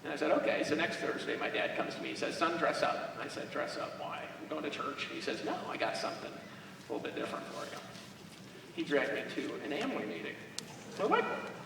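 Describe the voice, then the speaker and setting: On stage before a crowd in a big event hall, a motivational speaker from Alaska spins rambling, humorous life stories. He talks fast in a fairly high, sing-song voice with vocal fry, and the distant, echoey recording carries background noise.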